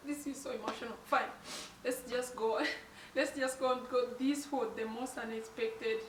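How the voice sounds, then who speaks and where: Young woman from tanzania, kinda high voice, emotional storytime vlog, echoey room, a bit far from the mic, faint noise behind. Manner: emotional, tearful and apologetic, laughing through it. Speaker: vlogger. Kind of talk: personal storytelling.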